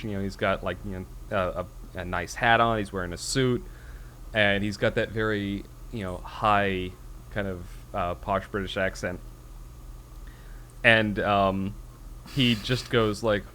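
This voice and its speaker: A man's voice: lowish voice, a bit bright. A man co-hosting a casual podcast chat, rambling and self-deprecating, laughing often. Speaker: podcast co-host.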